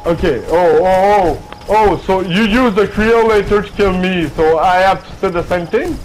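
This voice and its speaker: A man's voice: sits high, moderate pace, faint music behind, low-quality recording. A drunk man with a Quebec French accent, a native French speaker trash-talking another player in game voice chat, swearing and repeating himself. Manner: taunting, profane, repeats himself.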